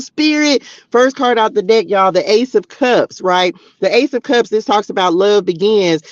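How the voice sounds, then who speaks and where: A man hosting a spiritual livestream, preaching casually and talking straight to his viewers in animated slang while reading tarot cards. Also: high voice, no room sound, highs cut off. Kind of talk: casual preaching to a live chat. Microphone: streaming mic.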